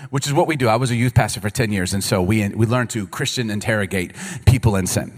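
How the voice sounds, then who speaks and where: A man in his thirties preaching a sermon as a pastor, conversational and animated, with quick asides and acted-out exchanges. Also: mid-range voice. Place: church sanctuary. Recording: long hall reverb.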